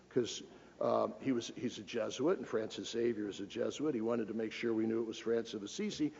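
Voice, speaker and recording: Gravelly man lecturing in a big hall. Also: lowish voice, a little fast, darkish tone, a little hiss or hum. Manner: folksy, joking, emphatic orator. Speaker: cardinal giving a public lecture. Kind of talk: public lecture. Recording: lo-fi recording with long hall reverb.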